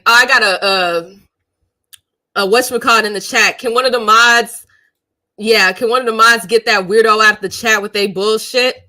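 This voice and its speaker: High, bright-voiced woman ranting on a stream. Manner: profane, emphatic, laughs often between points. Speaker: streamer and channel host. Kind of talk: casual live-stream commentary.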